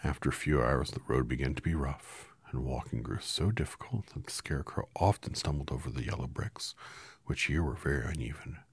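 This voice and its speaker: A man's voice: very deep voice, brisk, gravelly, slightly rough, no room sound. A man reading a storybook aloud in a casual way, now and then correcting his own slips. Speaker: reader.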